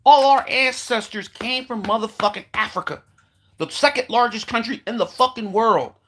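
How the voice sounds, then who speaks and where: A man's voice: very high-pitched, normal speed, fairly bright tone. A man delivering a heated, profane monologue, repeating himself as he rants. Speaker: commentator. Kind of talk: ranting monologue.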